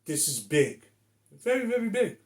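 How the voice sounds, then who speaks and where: A man's voice: high-pitched, sing-song, normal speed, a little mellow. A man in his sixties from Rhode Island, ranting bluntly and emphatically to the camera with plenty of profanity. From Rhode Island, USA. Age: 60s. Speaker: vlogger. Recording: echoey room.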